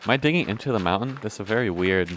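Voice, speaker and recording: A man's voice: lowish voice, lively intonation, rapid-fire, fairly bright tone, slight background noise. A young man hosting a let's play, rambling through casual gameplay commentary, restarting sentences and swearing offhandedly. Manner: meandering, self-interrupting, swears casually. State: hiccuping.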